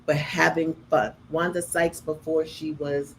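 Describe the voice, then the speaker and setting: A middle-aged woman, hosting a casual chat and telling stories with lively, acted-out quotes. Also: measured pace, slight background noise, low-quality recording. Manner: animated, acts out quotes with big pitch jumps. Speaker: host.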